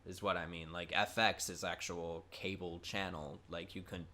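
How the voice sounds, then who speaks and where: A man with a low, bright and forceful voice chats casually as a podcast co-host. He talks loosely, hesitating and restarting his sentences. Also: level tone, normal speed. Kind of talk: casual chat.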